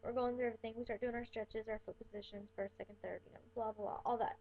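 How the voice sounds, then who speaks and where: A woman's voice: a little high, little pitch movement, fast. Chatty young woman, tinny lo-fi audio. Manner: rambling, chatty, many fillers. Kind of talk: casual storytelling vlog. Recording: tinny phone-like webcam audio.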